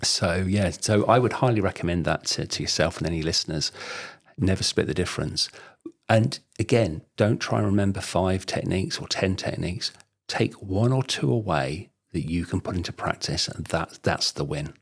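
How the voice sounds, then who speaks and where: A man's voice: low-pitched, normal speed, breathy edge. A middle-aged man, a sales trainer talking through books and techniques in a chatty, rambling way, full of "you know". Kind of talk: casual conversational interview.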